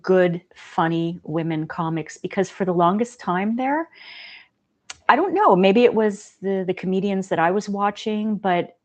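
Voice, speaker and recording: A woman hosts a relaxed livestream from home. Her voice sits at an ordinary pitch, and her talk is soft and gentle. She rambles chattily and laughs easily. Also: unhurried, lo-fi sound. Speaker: livestream host. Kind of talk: casual livestream chat.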